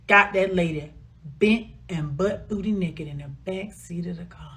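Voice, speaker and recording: In a casual storytime, a woman tells a steamy tale in a lowish, fairly bright voice. Her retelling is dramatic and drawn out, with quoted dialogue and a hushed murmur for the characters.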